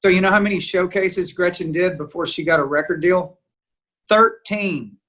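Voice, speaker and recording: A man being interviewed as a guest songwriter, telling an animated story and acting out the dialogue. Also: high-pitched, brisk. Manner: lively storyteller who acts out quoted dialogue. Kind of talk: animated storytelling in casual chat.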